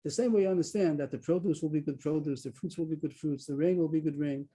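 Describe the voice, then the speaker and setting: A man leads a Talmud class over a video call. His voice is very dark and mellow with a husky edge, and he sits a little high in pitch. He explains the text step by step and stresses key words. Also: fast, rough recording. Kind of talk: online Talmud lesson. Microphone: video call mic.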